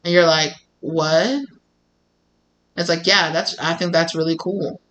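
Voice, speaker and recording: A woman's voice: on the low side, unhurried, poor audio. A woman doing a tarot reading in casual, rambling talk full of fillers, now and then acting out what people say. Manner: rambling, animated, with many fillers and acted-out quotes. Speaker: tarot reader.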